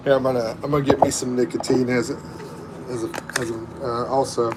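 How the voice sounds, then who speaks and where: Heavy background noise surrounds this middle-aged livestream host, whose voice sits at medium pitch. He chats casually in a rambling, drawling way, going through comments from his viewers.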